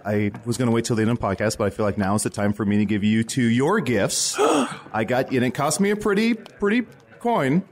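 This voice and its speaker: A man's voice: medium pitch, a little fast, lightly acted. A man voicing a sweet male shapeshifting badger guard, earnest and eager in a comedic improvised fantasy role-play.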